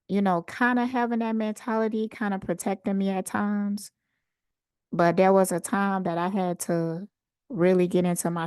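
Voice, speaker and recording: A woman host casually telling a personal story in an unhurried, animated way. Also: lowish voice, smooth, no echo, clean studio sound. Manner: unhurried, conversational, animated retelling. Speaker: channel host.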